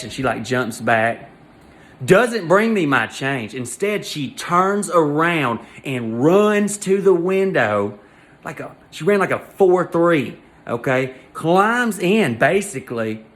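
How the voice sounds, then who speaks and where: A man telling an embarrassing story as a comedy monologue, in an animated, exasperated rant full of crude jokes. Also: mid-range voice.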